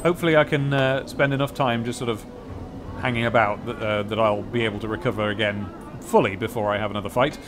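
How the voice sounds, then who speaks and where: A man's voice: on the low side, fairly even intonation, quick pace, over music. A man casually commenting as he plays a computer role-playing game, chatty and self-mocking. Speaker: game let's-player.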